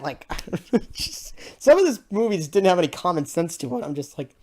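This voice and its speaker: A woman's voice: fairly low pitch, very animated, normal speed, dark tone. A woman giving a casual spoken movie review, rambling and exasperated, laughing often between her points.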